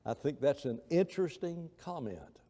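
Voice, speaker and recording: A man's voice: fairly high pitch, animated, moderate pace, dark tone. A man teaching a Bible class in a conversational, rambling way, telling anecdotes and acting out quoted voices. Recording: long reverb of a church hall.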